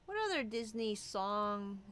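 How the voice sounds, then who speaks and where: A woman's voice: mid-range voice, big pitch swings, measured pace, a bit bright, clear, resonant tone. A woman artist thinking aloud while she designs a character, musing and hesitant, with many fillers and restarts. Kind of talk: casual thinking-aloud commentary while drawing.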